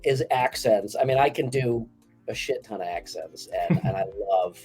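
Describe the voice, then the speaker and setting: A man's voice: mid-range voice, animated, normal speed, a little mellow, soft background music. A man co-hosting a podcast in casual chat, playful and jokey. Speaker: podcast co-host.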